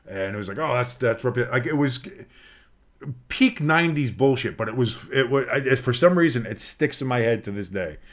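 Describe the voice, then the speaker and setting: A man giving casual play-by-play commentary on a game, rambling and swearing between plays and bursting out with excitement on big ones. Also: mid-range voice, normal speed. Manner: rambling, swears, breaks off into nostalgic tangents. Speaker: play-by-play streamer.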